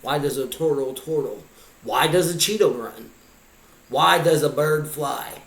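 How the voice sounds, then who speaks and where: Guy slowly wondering out loud, asking question after question, roomy echo. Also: fairly high pitch. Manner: slow, pondering rhetorical questions. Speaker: vlogger. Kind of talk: musing monologue. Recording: echoey room.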